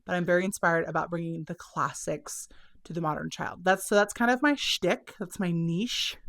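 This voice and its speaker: A woman's voice: fairly low pitch, normal speed, vocal fry, fairly bright tone. A young woman with a drawl talks casually to her viewers. She is a little out of breath, upbeat and chatty. Her words run together with "kind of" and "like.". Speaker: self-published children's book author and channel host. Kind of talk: casual chat to camera.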